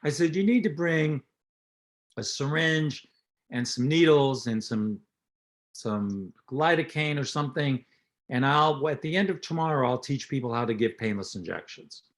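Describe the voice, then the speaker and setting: An older man talks in a relaxed interview, mixing anecdotes with plain teaching. He is a dentist and lecturer, and he acts out the lines of the people in his stories. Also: medium pitch, normal speed. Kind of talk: storytelling interview talk.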